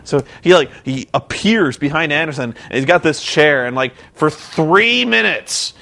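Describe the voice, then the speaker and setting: Animated, rambling young man. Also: fairly high pitch, unhurried, creaky. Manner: rambling, incredulous, sarcastic. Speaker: vlogger. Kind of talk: rambling comedic recap.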